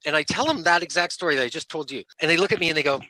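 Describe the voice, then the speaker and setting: Bright-voiced man telling rock tour stories. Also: a little high, rapid-fire, no room sound, rough recording. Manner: animated storyteller who laughs between lines. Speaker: rock band lead singer, guest. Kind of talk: casual anecdote telling.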